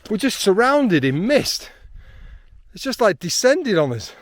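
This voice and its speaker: A man, chatting excitedly outdoors on a hilltop, with frequent ums. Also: high voice, measured pace. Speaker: landscape photographer. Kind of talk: casual vlog narration while hiking.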